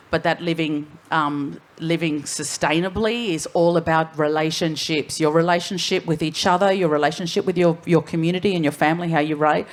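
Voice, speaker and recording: An Australian woman speaking frankly on a festival panel, wandering through her points and swearing casually. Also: low-pitched. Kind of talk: candid panel talk.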